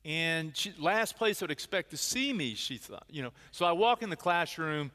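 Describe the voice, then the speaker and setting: Older preacher telling stories in an echoing church. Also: male voice, on the high side, animated, moderate pace, bright, forceful tone. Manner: storytelling, self-deprecating, frequent restarts. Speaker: pastor. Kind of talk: sermon. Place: church sanctuary.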